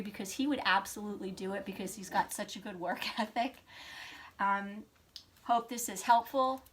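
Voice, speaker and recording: A woman dog trainer demonstrating, mixing quick commands to her dog with upbeat explanation. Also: medium pitch.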